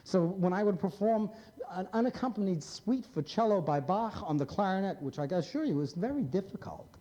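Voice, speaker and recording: A man's voice: high voice, animated, brisk, mellow, highs cut off. A man in his fifties, a psychiatrist, giving a blunt, wry lecture to a live audience and prodding them with questions. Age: 50s.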